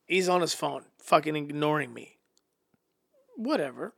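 Gravelly, bright-voiced man telling stories. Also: fairly high pitch, a little slow. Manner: animated, profane, acts out quotes. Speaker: podcast guest. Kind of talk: casual storytelling.

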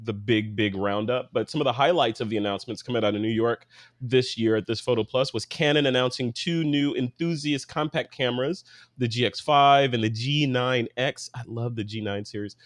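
A Californian man hosts a photography podcast, chatting casually with jokes and quick asides. His mid-range voice is recorded at studio quality with no room sound.

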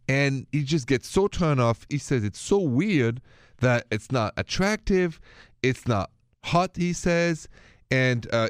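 A man hosting a radio relationship advice show in a playful, animated way. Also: mid-range voice, dry recording, clean studio sound. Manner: animated, playful, mixes in French greetings.

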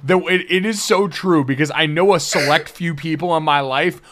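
A man's voice: a little high, normal speed, a little hiss or hum. Upbeat young man hosting a sports podcast. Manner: energetic, joking, swears casually. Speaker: podcast host. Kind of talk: casual sports podcast chat.

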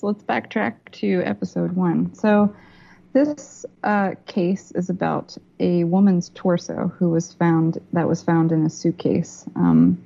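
A woman filmmaker, a podcast guest talking over a video call in a measured, thoughtful way. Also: on the low side, creaky, dark tone. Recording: lo-fi call audio.

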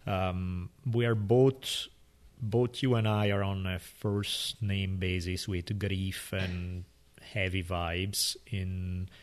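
A man's voice: low voice, steady tone, slow. A man hosting a podcast with a European accent, talking in a loose, rambling, jokey way. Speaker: podcast host. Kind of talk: podcast interview.

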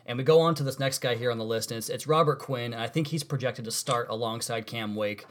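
Fast-talking male sports podcast host. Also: mid-range voice. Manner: fast, conversational, self-correcting. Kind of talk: casual sports podcast chat.

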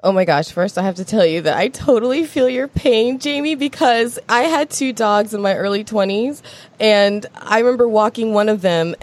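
A woman's voice: medium pitch, moderate pace, a little mellow, dry recording. A woman in her thirties co-hosting a podcast, upbeat and giggly as she chats and runs through the show. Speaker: podcast co-host. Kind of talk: casual chat and show rundown.

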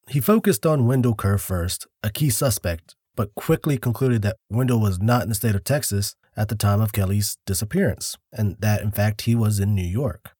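A man's voice: lowish voice, mellow, dry recording, studio quality. A man co-hosting a casual true-crime podcast, telling the case steadily with wry remarks. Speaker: podcast co-host.

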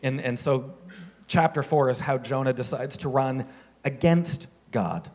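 A pastor giving a casual, conversational sermon, firing off rhetorical questions to the congregation. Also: male voice, mid-range voice, a little slow, a little mellow.

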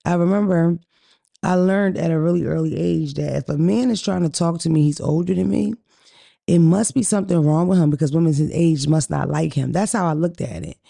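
Gravelly woman podcaster ranting, dark voice, dry sound, swears a lot. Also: sits low, brisk, dry recording. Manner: blunt, profane, animated storyteller. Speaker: podcast co-host. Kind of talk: casual chat.

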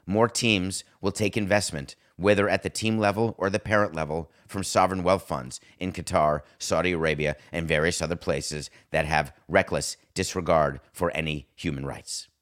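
Sarcastic middle-aged guy doing a sports rant, kinda low voice, lots of mocking. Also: steady tone, moderate pace, few pauses, a bit bright. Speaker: podcast host. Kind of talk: sports talk monologue.

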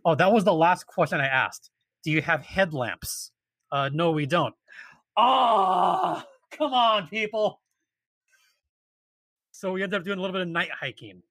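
Man, casual storyteller, higher-pitched, lively retelling with voiced quotes, dry close sound. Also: a little fast, dry recording.

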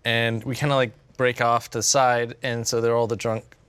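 A man's voice: mid-range voice, little pitch movement, moderate pace, fairly bright tone, clean tone. A young man casually telling a story on a podcast, rambling and full of restarts. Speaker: podcast co-host.

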